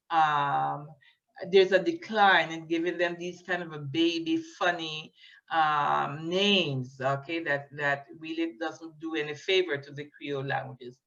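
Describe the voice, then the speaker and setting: Slow, hesitant woman lecturing. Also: low-pitched, fairly bright tone. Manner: hesitant, many fillers, checks in with "okay?". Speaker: linguistics lecturer. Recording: dull lo-fi recording.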